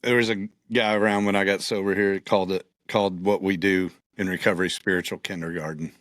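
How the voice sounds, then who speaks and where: A man in his fifties hosting a podcast, chatting in a relaxed, self-deprecating way. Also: low-pitched, fairly quick, dry recording. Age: 50s. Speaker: podcast host. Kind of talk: casual conversation.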